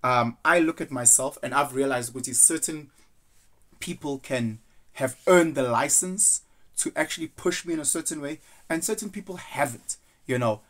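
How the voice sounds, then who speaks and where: A man's voice: fairly high pitch, moderate pace, fairly bright tone. Earnest man musing aloud. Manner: earnest, loose and rambling, acts out quoted voices. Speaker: vlogger. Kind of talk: casual reflective monologue.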